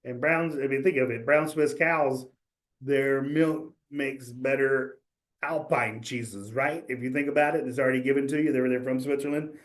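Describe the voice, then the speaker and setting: A man's voice: mid-range voice, steady tone, moderate pace. A man giving a casual exam prep webinar, talking loosely with fillers, restarts and small jokes. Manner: loose, chatty, joking, many fillers and restarts.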